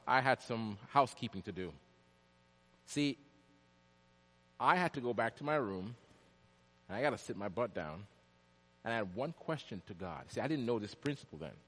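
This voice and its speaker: Animated preacher in a big hall. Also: male voice, mid-range voice. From Jamaica. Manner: animated, swings from loud to hushed. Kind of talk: storytelling sermon. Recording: long hall reverb.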